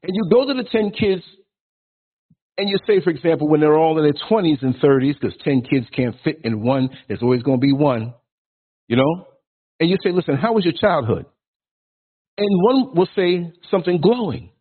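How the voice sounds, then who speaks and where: A man's voice: a little high, lively intonation, normal speed. A man in his sixties hosting a podcast, delivering a blunt, provocative, preachy rant. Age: 60s. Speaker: podcast host. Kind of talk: ranting monologue. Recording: tinny phone-like line.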